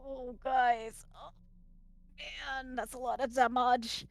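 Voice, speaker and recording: A woman's voice: high-pitched, steady tone, slow, creaky. A woman playing a tabletop role-playing game, groaning and wry. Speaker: player.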